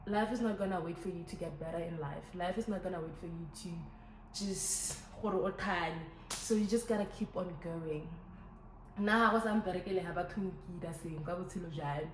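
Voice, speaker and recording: A chatty young woman, talking to her viewers in a lively, casual way. Her voice carries the echo of a bare room, with a faint hum of ambience behind her. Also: fairly low pitch, a little fast. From Botswana. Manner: chatty, animated, switches languages. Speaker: vlogger. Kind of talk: casual Q&A chat to camera.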